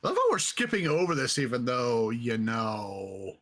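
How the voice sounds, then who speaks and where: Teasing man with a husky, lively voice. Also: mid-range voice, normal speed. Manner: teasing, laughs often. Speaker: podcast co-host. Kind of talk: casual chat.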